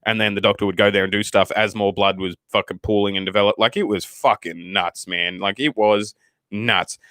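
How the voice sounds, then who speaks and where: Low-voiced Australian man, swearing storyteller. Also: moderate pace, no echo. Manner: heavy swearing, animated and rambling. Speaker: channel host, new father. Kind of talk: casual storytelling to camera.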